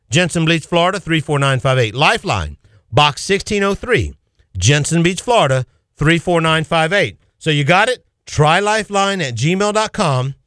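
A man's voice: sits high, a bit bright, no echo, studio quality. A man preaching a radio sermon, fervent and exhorting, repeating his key phrases to the listeners.

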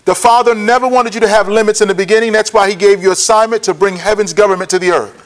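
A man teaching a Bible lesson, often checking that listeners follow and repeating key points slowly for notes. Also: sits high, fairly even intonation. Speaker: preacher.

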